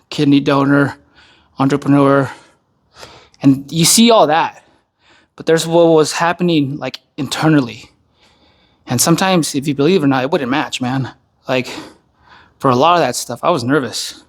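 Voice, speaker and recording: Blunt, profane army veteran man, fairly high voice. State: tired, worn down by recent illness. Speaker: army veteran turned speaker. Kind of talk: casual spoken monologue.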